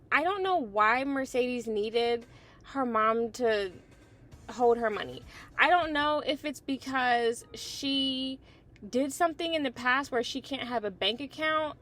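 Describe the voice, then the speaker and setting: A woman's voice: sits high, fairly bright tone. A woman hosting a casual TV episode review, blunt and opinionated, swearing freely. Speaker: TV review host.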